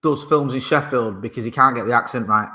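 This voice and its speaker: Male co-host with a bright tone, rambles and hunts for words, dry humor. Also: mid-range voice, a little fast. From Britain. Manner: rambling, searching for words with many restarts; dry, joking banter. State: parent. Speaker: podcast co-host. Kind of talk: casual chat.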